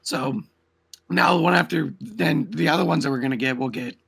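Animated co-host, man, gravelly and bright, jokey banter with false starts. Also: on the high side, normal speed. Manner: animated, jokey, often breaks off mid-sentence. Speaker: co-host of a reaction show. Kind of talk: casual group banter.

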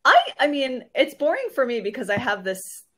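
A woman's voice: high voice, very animated, normal speed, a bit bright, husky. A woman co-hosting a podcast in casual chat, upbeat and chatty, laughing often. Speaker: podcast co-host.

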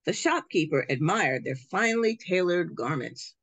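A children's book author reading her picture book aloud at a library event. Her storytelling is expressive, her low voice slightly breathy and swinging widely in pitch. The sound is close and dry. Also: moderate pace, no room sound.

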